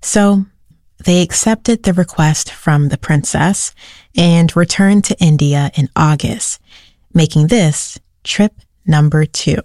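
A woman giving calm, scripted narration that links the story together. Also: sits low, no room sound.

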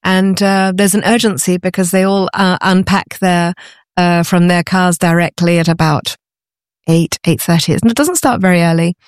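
A middle-aged woman being interviewed, chatty and enthusiastic, often pausing with ums as she explains. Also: lowish voice, fairly even intonation, dry recording, studio quality. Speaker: guest, antiques author. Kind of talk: conversational interview.

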